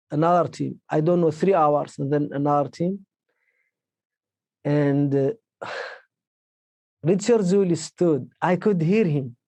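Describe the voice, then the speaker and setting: A man giving a personal testimony in halting English, a second language for him, with many restarts and fillers. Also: a little high, mellow, no room sound. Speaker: interviewee.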